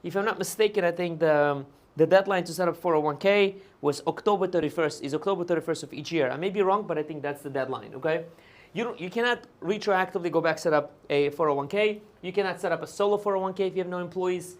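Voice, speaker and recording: A man's voice: high voice, fast. A man hosting a live question-and-answer stream as a tax advisor, talking casually and often checking in with "right?" and "okay?" while hedging on fine details. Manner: hedges on details. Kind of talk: live Q&A explainer.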